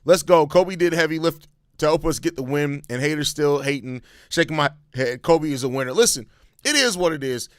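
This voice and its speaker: A man hosting a live postgame reaction, talking bluntly with plenty of profanity and breaking into loud rants. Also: a little high, animated, brisk, dry recording, clean studio sound. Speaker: sports channel host.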